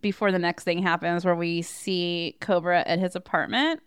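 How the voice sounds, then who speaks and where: A woman co-hosting a podcast, chatting casually and telling stories in an animated, giggly way. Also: on the low side, normal speed, clear, resonant tone, no room sound, studio quality. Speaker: podcast co-host. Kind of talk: casual chat.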